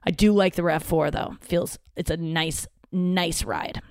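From her home office, a woman comedian and podcast host from the St. Louis area rambles through a profane story in a casual solo monologue, acting out what other people said. Her voice is fairly low and darkish, with fairly even intonation and a measured pace. The studio-quality recording has no echo.

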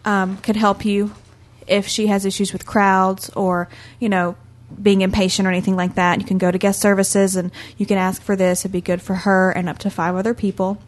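A woman on a relaxed podcast gives practical, reassuring advice to listeners. She speaks gently and often pauses with soft "um"s. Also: medium pitch. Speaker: podcast regular giving park advice. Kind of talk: casual podcast chat.

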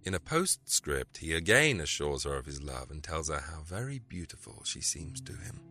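Male storyteller, deep and gravelly, with a lively, dramatic delivery. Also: moderate pace. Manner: expressive, dramatic reading. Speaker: narrator. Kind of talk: storybook narration. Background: faint music.

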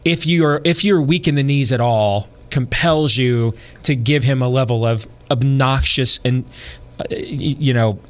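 A man's voice: mid-range voice, unhurried, few pauses. A middle-aged man talks through politics on his show in a loose, rambling way. He hedges with fillers and restarts his sentences as he goes. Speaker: talk show host. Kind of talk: casual political talk radio.

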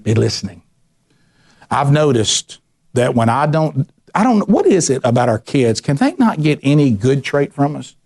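A middle-aged man preaching a sermon, telling lively personal stories and acting out the voices in them. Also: medium pitch, normal speed, vocal fry. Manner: animated storyteller, acts out voices, ranting bursts.

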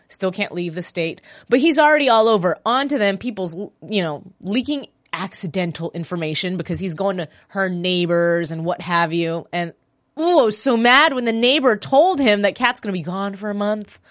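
A woman's voice: mid-range voice, no room sound, clean studio sound. A woman hosting a show, talking casually and animatedly, often acting out quotes. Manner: chatty and animated, quoting characters in voices. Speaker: host. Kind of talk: casual recap podcast.

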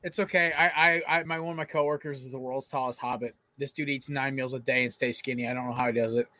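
A man co-hosting a sports podcast, telling stories in an excitable, rambling way. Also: medium pitch, fast talker, no echo. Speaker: podcast co-host. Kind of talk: casual sports chat.

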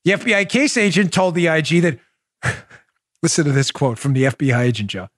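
A man's voice: fairly high pitch, animated, a little fast, fairly bright tone. A man in his forties hosting a political commentary podcast, bursting into incredulous exclamations and frequent laughter. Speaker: podcast host.

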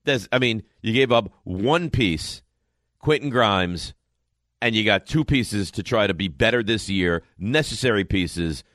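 Lively low-voiced male sports radio host. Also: a little slow, no room sound, clean studio sound. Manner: animated, teasing, storytelling with acted quotes. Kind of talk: casual sports radio banter.

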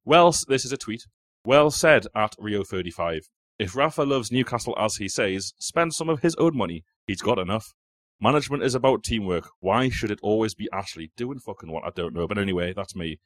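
A man's voice: lowish voice, animated, a little fast, no room sound. A man hosting a casual football quiz on a podcast, reading out quotes and teasing the players with swearing and banter. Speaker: quizmaster. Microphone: studio mic.

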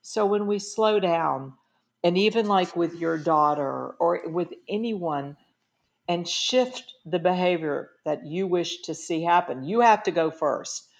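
A woman's voice: fairly low pitch, a little slow, creaky. Earnest woman author giving advice. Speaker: author and guest. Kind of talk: interview conversation.

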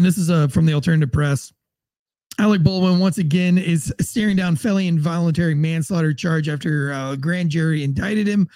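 A man's voice: on the high side, a little mellow, dry recording. A man hosting a podcast, recapping celebrity news in loose, rambling casual chat with lots of fillers. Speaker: podcast host.

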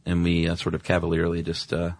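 Male podcast co-host, deep voice, relaxed chatty delivery, dry studio sound. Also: quick pace, creaky, no room sound. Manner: relaxed, conversational, many fillers. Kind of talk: casual chat.

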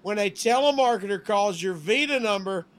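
A man's voice: high voice, animated, moderate pace, a bit bright. A man co-hosting a podcast, reading a sponsor ad in an upbeat way. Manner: upbeat ad read. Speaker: podcast co-host.

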